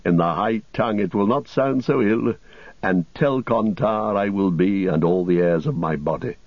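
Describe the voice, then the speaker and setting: A man voicing a grave, weary king returned from exile, speaking in a solemn, measured way in a storybook reading. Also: fairly low pitch, dry recording. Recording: dull lo-fi recording.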